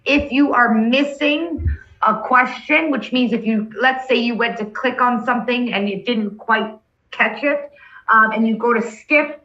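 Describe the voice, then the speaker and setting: A woman teaching an online class, her voice sitting a little high and sounding bright and forceful. She explains things patiently, step by step, and checks in often. The video call audio is dull and lo-fi. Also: unhurried. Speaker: instructor.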